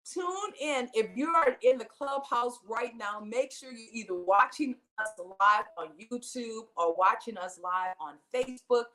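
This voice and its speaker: A woman's voice: fairly high pitch, expressive, a little slow, hardly any pauses, sharp tone. A woman hosting an online show, introducing guests with enthusiasm and cheers. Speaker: host.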